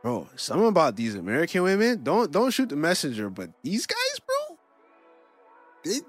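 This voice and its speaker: Young dude ranting on a podcast, bro every other word, lively pitch. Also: male voice, moderate pace, soft background music. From Canada. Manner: emphatic, keeps saying "bro". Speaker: podcast co-host. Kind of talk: casual chat.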